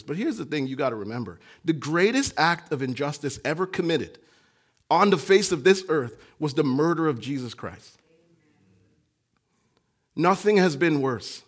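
A man preaching a sermon as pastor, impassioned, swinging from hushed, quiet lines to near-shouting. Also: fairly high pitch.

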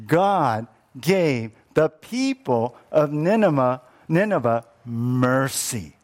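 A man preaching a sermon as pastor, animated, acting out quoted lines with many restarts. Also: on the high side.

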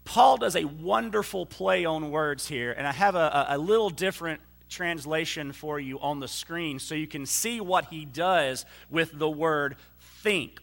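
A man preaching a sermon as a pastor, teaching slowly with frequent fillers and restarts, and speeding up when he reads scripture aloud. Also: fairly high pitch, vocal fry, a bit bright. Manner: reads scripture quickly, then slows to explain.

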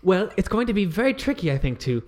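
A man playing a witty aristocratic lady, high, genteel, lively, affected tabletop voice. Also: fast talker. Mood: fond. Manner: genteel, affected upper-class speech.

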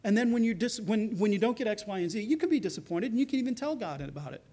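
Male pastor, higher voice, earnest sermon that acts out quoted speech. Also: animated, fast. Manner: earnest, acts out quoted voices, drops soft for tender lines.

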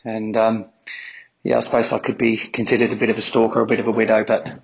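A man's voice: lowish voice, flat delivery, fast talker, creaky, muffled recording. A man telling a rambling, self-deprecating anecdote in a voice message he recorded as a fan. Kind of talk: storytelling anecdote.

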